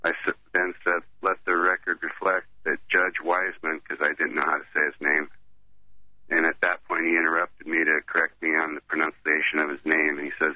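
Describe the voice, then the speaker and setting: A man calling in to a talk show, reading his own account aloud slowly and haltingly, with many fillers. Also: extremely low pitch, flat delivery, dry recording, dull audio. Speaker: caller.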